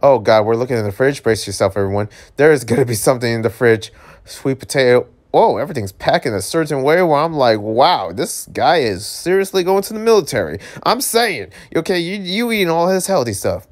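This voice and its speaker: A man reading a webtoon aloud and reacting with excitable, joking asides. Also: medium pitch, a little fast. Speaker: webtoon reader.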